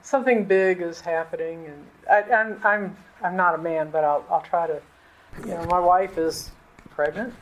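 A woman preacher voicing a worried young man whose bride-to-be is pregnant. He talks haltingly and stammers as he works out what to do. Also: on the low side, natural voice, rough recording. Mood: anxious, unsure. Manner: halting, stammering, plain-spoken.

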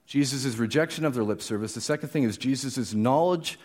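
A man's voice: medium pitch, brisk, darkish tone. A man preaching a conversational, explanatory sermon, often restarting his phrases.

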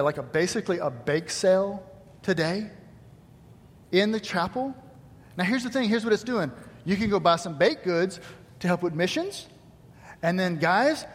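A man's voice: high voice, husky. A middle-aged man preaching a sermon, with folksy jokes and asides to the congregation. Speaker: pastor. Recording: long reverb of a large hall.

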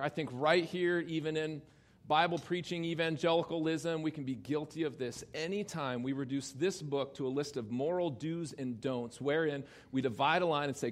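A male pastor delivering an emphatic sermon in a fairly high voice. He swings from loud, ringing exclamations down to quiet, low asides, and he speaks directly to the children in the congregation now and then.

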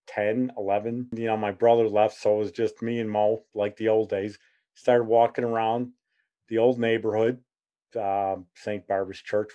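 Folksy, mellow-voiced man hosting a podcast. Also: fairly low pitch. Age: 40s. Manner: chatty, folksy storyteller. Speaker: podcast host. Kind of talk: casual solo podcast.

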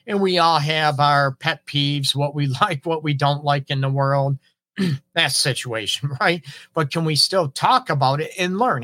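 With no room sound, a middle-aged man's sharp, higher-pitched voice carries a casual advice monologue; he's a relationship counselor and show host. Conversational throughout, he keeps checking in with "right?" and performs example lines.

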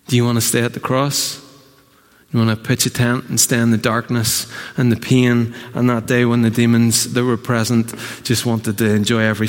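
Northern Irish male pastor preaching with fervor, loud then hushed, in a reverberant church. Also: mid-range voice. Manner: impassioned, shifting from loud exclamations to hushed asides. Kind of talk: sermon. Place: church hall.

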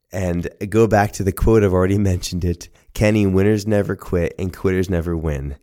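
Deep-voiced man telling a family story. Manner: earnest, animated, acts out voices. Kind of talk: personal storytelling podcast.

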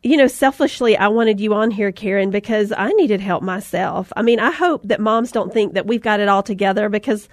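A middle-aged woman hosting a podcast, a mother who chats casually, laughs often and pokes fun at herself while telling lively stories. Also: medium pitch, a little fast, few pauses, no echo, studio quality. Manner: laughing, self-deprecating, animated anecdotes.

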